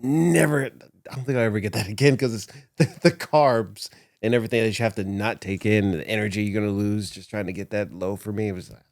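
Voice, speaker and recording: A man with a fairly low voice tells his stories in a relaxed studio chat, lively and often laughing as he acts out quotes. The sound is dry and close, with no room around it. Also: brisk, no room sound. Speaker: professional wrestler, guest. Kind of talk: casual interview storytelling. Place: podcast studio. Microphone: studio microphone.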